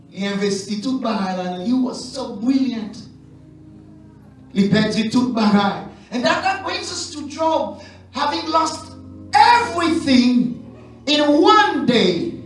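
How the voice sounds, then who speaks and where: A man with a Haitian accent preaching a sermon, swinging from shouted, sung cries to hushed near-whispers. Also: very high voice, heavy reverb, recorded from a distance, low-quality recording. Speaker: pastor.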